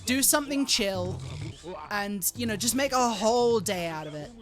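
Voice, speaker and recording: A young adult woman streaming live, chatting casually, swearing freely and squealing loudly when thanking donors. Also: mid-range voice, expressive, moderate pace.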